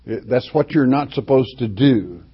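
An older man teaching from the Bible in a folksy, halting way, full of restarts and homespun asides. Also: mid-range voice, lively intonation, breathy edge. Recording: dull lo-fi recording.

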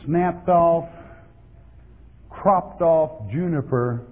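Speaking very slowly in a fairly high voice, a pastor preaches with emphasis and repeats words to drive points home. The recording is tinny and lo-fi, made in a hall with lots of reverb.

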